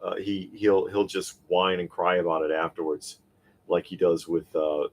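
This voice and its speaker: A man's voice: low-pitched, flat delivery, moderate pace. A man co-hosting a live toy and pop culture stream, chatting casually, reading viewer comments and ranting with plenty of fillers and restarts. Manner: opinionated, rambling with fillers and restarts. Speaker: co-host of a live toy talk show.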